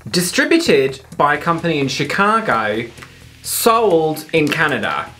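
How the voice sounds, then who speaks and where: A man's voice: on the high side, sing-song, a little slow, pushed and bright, a little hiss or hum. A man from the United Kingdom with a British accent, co-hosting a casual candy-tasting chat as a drag queen, camp and sweary. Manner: camp, sweary, giggly banter.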